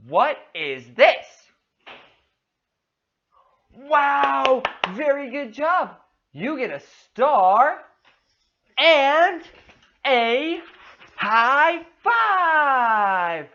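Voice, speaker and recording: Woman, English teacher, demo lesson for a child, over-the-top cheering, very slow drawn-out words, lively rising pitch. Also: highs cut off. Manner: exaggerated, enthusiastic praise; makes animal noises.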